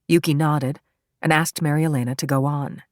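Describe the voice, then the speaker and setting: A woman reading a crime thriller audiobook in an even, steady narration. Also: deep voice, moderate pace, no echo, studio quality. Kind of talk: scripted narration.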